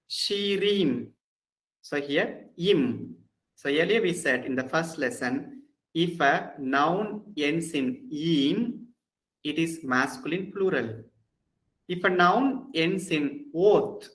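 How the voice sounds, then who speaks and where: A Bible college Hebrew instructor with an Indian English accent teaches an online Hebrew grammar lecture in a slightly high, fairly bright voice over a rough recording. He's patient, repeating key points to reassure his students.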